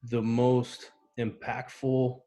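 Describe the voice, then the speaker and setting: A mid-pitched man, a veteran guest, recounts a personal memory in an interview. He tells it vividly and acts out the voices and sounds in it. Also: flat delivery, very slow, warm tone. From United States. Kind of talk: emotional personal storytelling.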